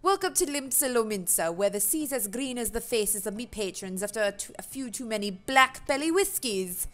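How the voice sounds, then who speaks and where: A woman voicing a gruff, jovial tavern keeper man in a put-on old sailor brogue, with rough, drawled speech. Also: on the high side, animated, normal speed, a bit bright. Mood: hearty. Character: gruff pirate-ish tavern keeper man, hearty and boastful.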